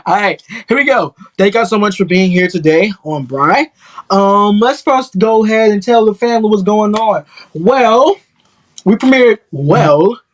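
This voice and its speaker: A man hosting a talk show, giving an upbeat, chatty opening monologue straight to the audience. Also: high voice. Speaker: talk show and radio host.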